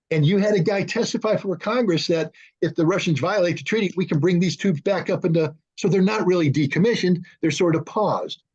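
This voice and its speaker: A man speaking as an arms control analyst in a panel discussion, animated, acting out both sides in quoted dialogue. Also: high-pitched, brisk, breathy edge. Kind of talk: conversational panel talk. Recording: dull lo-fi remote audio.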